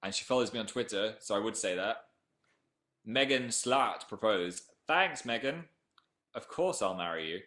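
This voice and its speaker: A man's voice: lowish voice, animated, normal speed, bright, forceful tone, echoey room. A young man with a Northern English accent, chatting casually on a live stream and reading viewer comments aloud. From Northern England.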